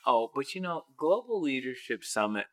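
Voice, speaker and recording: A man's voice: mid-range voice, moderate pace. Playful man telling stories as a guest. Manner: playful, animated storyteller. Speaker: podcast guest, speaker and coach. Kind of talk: casual podcast chat.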